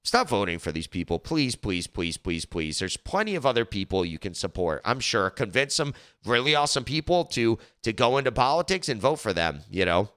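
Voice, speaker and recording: A man with a bright, clear, smooth voice delivers casual political commentary. He rambles, trips over his words and restarts sentences often. His manner is earnest and he is not polished. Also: medium pitch, sing-song, brisk, few pauses. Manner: rambling, frequent restarts and stumbles.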